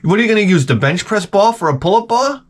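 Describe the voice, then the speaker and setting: A middle-aged man hosting his own channel, giving a crude, profane comedic rant that swings from mutters to shouts. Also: high-pitched, lively intonation, quick pace. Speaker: channel host.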